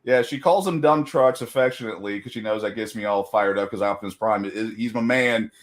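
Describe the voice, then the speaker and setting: A man's voice: lowish voice, a little fast. A middle-aged man chatting casually as a guest, rambling with lots of fillers and laughing at himself often. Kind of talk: casual chat.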